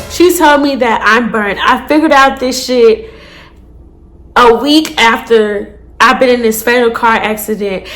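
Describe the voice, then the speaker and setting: Profane, animated young woman telling a story. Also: a little high. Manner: animated, profane, talks straight to viewers. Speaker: storytime vlogger. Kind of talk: casual storytime.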